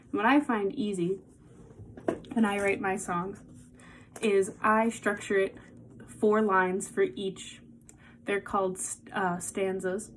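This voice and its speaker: Slow, patient woman teaching songwriting. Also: mid-range voice. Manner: slow, patient explaining, counting beats aloud. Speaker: music teacher. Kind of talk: casual songwriting lesson with guitar. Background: guitar playing.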